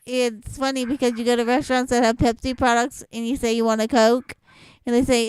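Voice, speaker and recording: A woman's voice: on the high side, flat delivery, brisk, smooth, dry recording, rough recording. A young woman from Louisiana with a mild Southwest Louisiana accent, chatting and rambling casually as she reads a word list. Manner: chatty, rambling, laughs between words. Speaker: vlogger.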